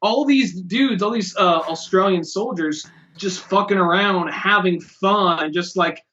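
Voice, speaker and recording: A man's voice: high-pitched, a little slow, bright, forceful tone, dull audio, a little hiss or hum. A man co-hosting a podcast, rambling casually about a movie with lots of fillers and swearing. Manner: rambling, profane, many fillers. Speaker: podcast co-host.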